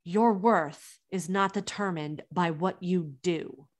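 A woman's voice: lowish voice, slow. A woman in her thirties, a business coach, talking earnestly and encouragingly in a motivational monologue. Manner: earnest and encouraging, with emphatic restarts.

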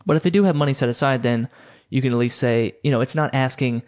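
A man's voice: mid-range voice, fast talker, a little mellow. Casual male podcast host with a mid-range voice, rambling, filler-heavy coaching talk. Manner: loose and chatty, many fillers and restarts.

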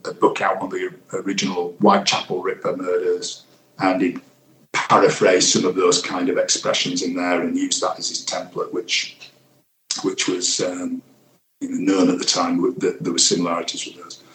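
An older man, a retired detective, recounts a past investigation in an interview, reflective and halting with fillers. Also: low-pitched. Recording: roomy echo.

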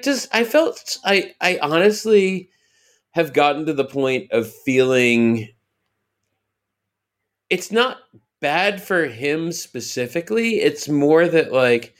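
A man's voice: medium pitch, a bit bright. Wry man in casual podcast chat. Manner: wry, rambling with fillers. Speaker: podcast co-host.

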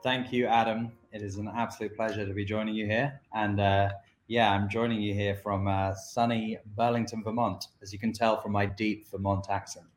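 A man's voice: lowish voice, flat delivery, moderate pace, reverberant. A man from London with a British accent, a company co-founder telling his story as an interview guest in a fluent, friendly way. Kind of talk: interview conversation.

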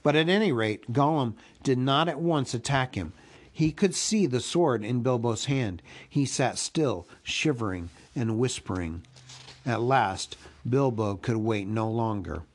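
A man reading a classic storybook aloud as host of his own podcast, in a slow, expressive manner. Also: medium pitch.

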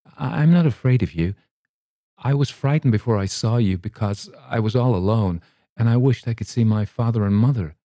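A man reading aloud takes on a polite, wide-eyed little girl from an old storybook. The voice rises above his usual low register and sounds earnest and a little halting. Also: warm tone, no echo, clean studio sound, lightly acted.

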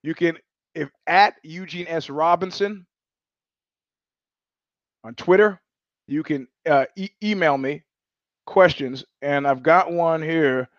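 A man with a fairly high voice talks through a podcast monologue and tells stories in a blunt, profane way. The sound is dull and dry. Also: slow pace, pauses often, no echo. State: sweating. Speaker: podcast host. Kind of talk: casual monologue.

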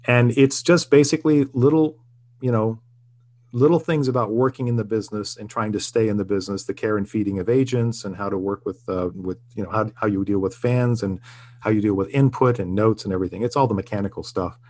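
A man's voice: fairly low pitch, a little fast, darkish tone. An older man, a TV writer being interviewed, talking reflectively and earnestly, often restarting his sentences. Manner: reflective, earnest storytelling with frequent restarts and chuckles. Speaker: guest, TV writer and producer. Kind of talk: casual interview conversation.

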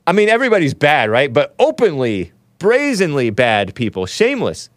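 Male streamer host, mid pitch, loose chatty rambling with frequent laughs, dry close sound. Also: no room sound. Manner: rambling, laughs often, reads chat comments aloud. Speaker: show host. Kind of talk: casual live-stream commentary.

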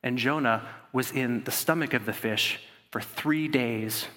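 A man's voice: medium pitch, unhurried, fairly bright tone. A man preaching a sermon, reading scripture and breaking off into casual, conversational asides. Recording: long hall reverb.

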